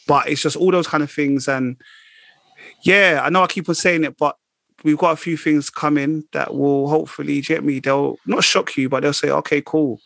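A man's voice: on the high side, steady tone, normal speed, gravelly, fairly bright tone, no room sound. A man hosting a podcast, chatting casually and telling stories in a laid-back, slangy way. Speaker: podcast host. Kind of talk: casual chat.

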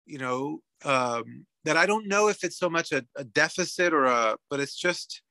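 A man from Canada, a psychotherapist guest, musing in an animated way and often checking in with "right?". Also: fairly high pitch, moderate pace, vocal fry, no room sound. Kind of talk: reflective conversational interview.

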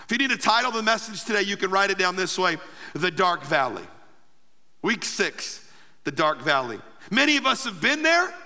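A pastor preaching a sermon, emphatic, calling out to the congregation for response. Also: male voice, high voice, big pitch swings, normal speed, sharp tone, in a large hall.

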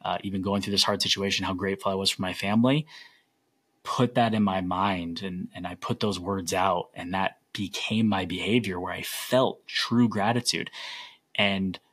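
A man's voice: low-pitched, fairly even intonation, normal speed, fairly bright tone, breathy edge. A young man hosting a solo podcast, telling stories in an earnest, rambling way. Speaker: podcast host.

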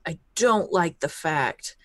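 Slow, hesitant woman role-playing. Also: lowish voice, lively intonation, a bit bright, no room sound. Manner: hesitant, giggly, unhurried. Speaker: player. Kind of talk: in-character tabletop role-play.

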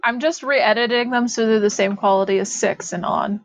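A woman's voice: a little high, fairly even intonation, fairly quick, no room sound. A woman from Canada, chatting and teasing on a podcast, laughing often. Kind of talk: casual chat. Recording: muffled dry lo-fi audio.

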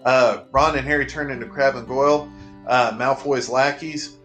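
Dude recapping a movie for laughs, dry sarcastic jokes, mid pitch, faint guitar in the back. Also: male voice, steady tone, normal speed, fairly bright tone. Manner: sarcastic, joking asides. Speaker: podcast host recapping a movie. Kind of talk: casual comedic recap.

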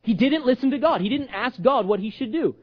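A man's voice: very high voice, fairly quick, breathy edge, muffled recording. A man preaching a sermon as pastor, acting out the voices he quotes and joking along the way. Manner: animated, acts out quoted voices, jokes with audience.

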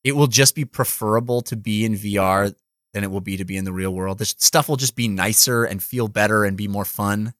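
A man's voice: lowish voice, brisk, a bit bright, no room sound, studio quality. A man co-hosting a podcast in casual chat, easygoing and agreeable, often trailing off mid-thought. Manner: easygoing, trails off, lots of agreeing "yeah, right". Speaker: podcast co-host.

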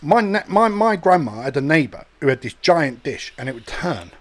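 Among friends in casual banter, a young man with a fairly high, very animated voice tells crude, rambling stories at a moderate pace. He swears a lot and often slips into silly voices.

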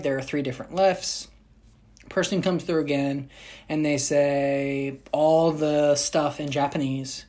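Woman, low-pitched voice, casual storytelling, animated, jokey asides.

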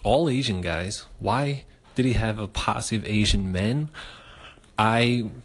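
A man in his forties from the Philadelphia area tells a story from his own life, loose and casual. His voice sits a little low, and he swears freely with plenty of "uh" and "I mean" as he goes. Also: slow. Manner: animated and profane, with frequent fillers.

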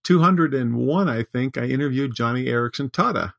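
An older man with a gravelly, fry-edged voice talks as a podcast guest, earnest and heartfelt. The recording is dry and close, with no room sound. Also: mid-range voice, fairly quick, no echo. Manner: warm-hearted, earnest, tearful at times. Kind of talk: casual chat.

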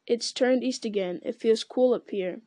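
A woman's voice: on the high side, normal speed, mellow, no room sound, lightly acted. A woman voicing a practical young male hobbit who talks plainly and asks direct questions.

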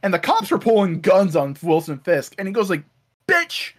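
A man casually recapping comic storylines, acting out characters in quick bits and swearing freely. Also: high voice, animated, a little mellow. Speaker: podcast co-host recapping comics. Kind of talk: casual chat.

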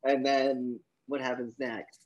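A man's voice: medium pitch, slow pace, muffled recording. A man co-hosting a podcast, animatedly retelling a film's scenes in casual, profane chat. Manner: animated retelling with acted-out quotes, swears freely. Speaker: podcast co-host. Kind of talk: casual movie review chat.

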